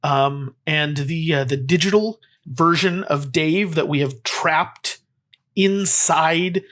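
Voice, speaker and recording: A man's voice: fairly high pitch, takes it slowly, a bit bright. Rambling, playful male podcast host. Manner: rambling, playful, with many fillers. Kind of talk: comedy podcast chat.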